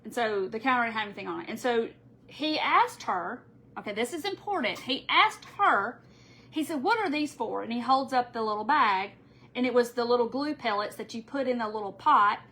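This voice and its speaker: Woman, middle-aged, higher pitch, rambling story, live craft tutorial host. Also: moderate pace. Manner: rambling, animated, addresses viewers as y'all.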